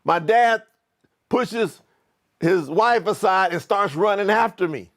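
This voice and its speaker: High-voiced motivational speaker. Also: male voice, slow pace. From Kentucky, US. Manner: animated, talks straight to viewers. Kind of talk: personal storytelling to online viewers.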